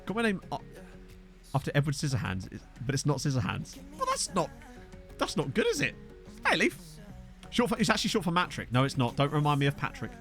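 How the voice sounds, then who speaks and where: A young man chats casually as he streams a game, cracking jokes and riffing on the names in his chat. His pitch bounces around a lot, and faint music plays underneath. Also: huge pitch swings, fairly quick, long pauses. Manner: jokey, riffing on viewers' names. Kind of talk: casual gameplay commentary reading chat.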